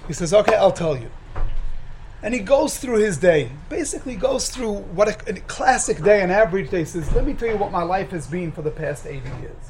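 High-voiced man giving an animated sermon. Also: a little fast, slight background noise, poor audio. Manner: animated, acts out dialogue, repeats phrases for emphasis. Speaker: rabbi. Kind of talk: sermon with storytelling.

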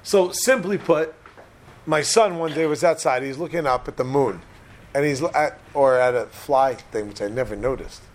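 A man's voice: medium pitch, normal speed. A middle-aged man lecturing a live audience, telling personal stories, joking and putting questions to the listeners. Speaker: speaker addressing an audience.

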